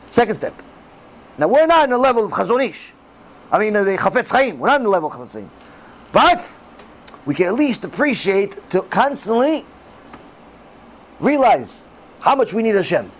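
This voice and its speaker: A middle-aged man giving a religious class in sermon style, animated and acting out the voices he quotes. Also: sits high, moderate pace, pauses often, low-quality recording. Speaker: rabbi giving a Torah class.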